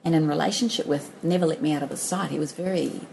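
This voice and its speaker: A woman's voice: deep voice, quick pace, vocal fry, a little mellow, a little hiss or hum, rough recording. A middle-aged woman telling her own story as a podcast guest, chatty and laughing, with many restarts and fillers. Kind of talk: storytelling in a conversational interview.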